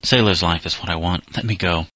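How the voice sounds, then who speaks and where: A man's voice: deep voice, brisk, bright, forceful tone, no echo. A man reading the part of a sullen, defiant seventeen-year-old runaway boy who speaks in bitter, resentful protests. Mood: pleading.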